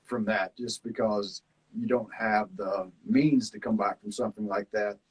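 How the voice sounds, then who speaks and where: On a low-quality recording, a former survival show contestant with a Southern accent looks back on the experience in casual conversation. His voice is fairly low and slightly rough, his pace measured, and his talk relaxed and rambling, full of fillers.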